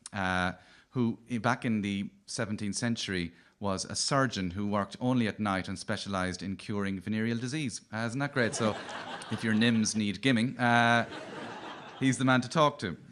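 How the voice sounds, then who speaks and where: A man's voice: lowish voice, moderate pace, a bit bright. A man with a Cork Irish accent hosting a radio comedy show, telling wry, playful stand-up stories. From Cork, Ireland. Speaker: comedian host.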